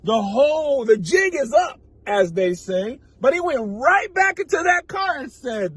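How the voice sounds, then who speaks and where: Incredulous man reacting, high and lively. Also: a little slow, hardly any pauses, husky, no echo. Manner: incredulous, rambling, animated. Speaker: comedian. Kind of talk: comedic reaction commentary.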